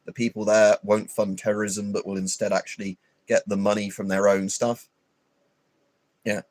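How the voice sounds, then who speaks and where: A man's voice: lowish voice, flat delivery, normal speed, darkish tone, dry recording. A man hosting a livestream, rambling and swearing in an opinionated, casual chat full of fillers. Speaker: livestream host.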